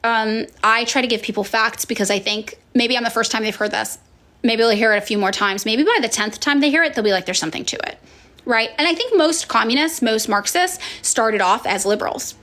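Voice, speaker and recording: A woman in casual chat, answering viewer questions as a political influencer, frank and profane, with sighs and fillers, and she acts out other people in sudden high voices. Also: a little fast, fairly bright tone. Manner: chatty with many fillers and sighs.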